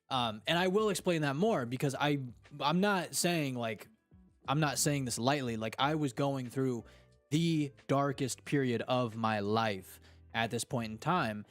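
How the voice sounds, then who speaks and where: A man hosting a casual podcast and reading live chat, talking in a slangy, animated way. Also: medium pitch, measured pace, no room sound, faint music behind. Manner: slangy and animated, fond of "dude" and "freaking".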